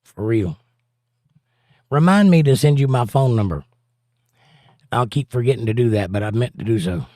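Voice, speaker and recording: A man's voice: mid-range voice, animated, moderate pace, long pauses, mellow, no room sound, clean studio sound. Jokey man reading chat aloud. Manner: chatty, jokey, reads viewer comments aloud. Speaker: livestream host reading chat. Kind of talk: casual chat.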